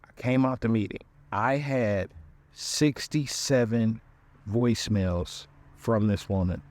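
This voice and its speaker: A male podcast host telling a comic dating story in an animated, conversational way, acting out the voices he quotes. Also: on the low side, slow.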